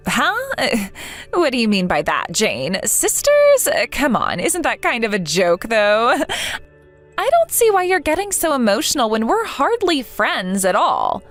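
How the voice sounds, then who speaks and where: A woman's voice: fairly high pitch, sing-song, unhurried, a bit bright, soft background music. A woman reading a scornful fake friend. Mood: dismissive. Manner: scornful and taunting, laughing at others. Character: cruel, mocking young woman, a fake friend. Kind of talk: text-message story reading.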